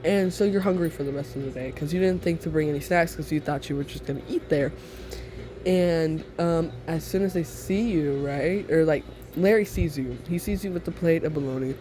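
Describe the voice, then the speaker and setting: A man's voice: a little high, fairly quick, mellow, slight background noise. Rambling, giggly young man telling a story. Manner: rambling, giggly, many fillers. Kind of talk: second-person listener story, casual.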